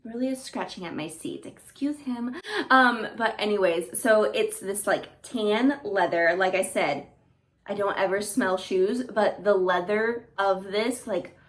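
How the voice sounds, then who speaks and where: A young woman vlogging an excited unboxing at home, gushing with lots of "like" and "oh my God". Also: medium pitch, a little slow. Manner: gushing, breathless, fillers like "like" and "oh my God". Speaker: beauty and fashion vlogger. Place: home indoors. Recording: echoey room, faint noise.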